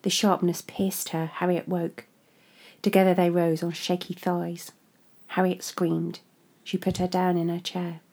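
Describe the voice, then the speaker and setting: Mellow-voiced woman reading a story. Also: on the low side, flat delivery, unhurried. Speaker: narrator.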